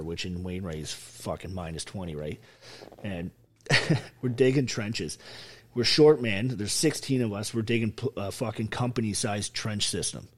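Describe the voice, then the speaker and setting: A man telling stories in a casual chat, animated and heavy on swearing. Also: lowish voice. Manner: profane, animated storytelling. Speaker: podcast guest.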